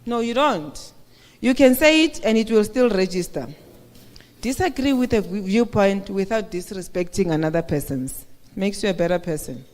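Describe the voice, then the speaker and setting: A woman's voice: medium pitch, normal speed, darkish tone. Woman in an echoey hall. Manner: conversational, asks the audience questions. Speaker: speaker at a women's conference. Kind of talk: motivational talk. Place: conference hall. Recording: echoey hall with long reverb.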